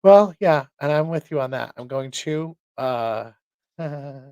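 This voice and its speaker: A man's voice: medium pitch, slow, a little mellow, no echo, lo-fi sound. A tired man hosting a show, chatting casually in a rambling way with many restarts. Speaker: host.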